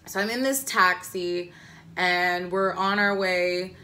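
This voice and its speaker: A young woman casually telling a personal story, rambling with many likes and ums and swearing freely, her voice jumping shrill and loud when she quotes herself. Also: steady tone, slow pace.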